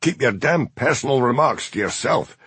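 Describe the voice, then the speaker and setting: A man's voice: medium pitch, animated, normal speed, a bit bright, husky, dry recording, voice pushed up. A man voicing a bullying, hard-drinking Scottish detective chief inspector who blusters and threatens. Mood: blustering.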